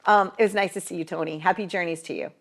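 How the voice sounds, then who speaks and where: A woman hosts a talk show interview, chatting easily and laughing often. Her voice sits somewhat low. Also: steady tone, fast, fairly bright tone. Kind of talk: casual interview chat.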